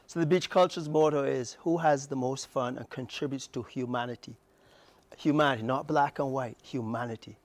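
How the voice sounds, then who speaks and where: A man's voice: medium pitch, no echo. A middle-aged man with a Barbadian accent, speaking passionately and emphatically as a guest on a morning TV interview. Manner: passionate, emphatic, fast bursts with rising outbursts. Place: TV studio.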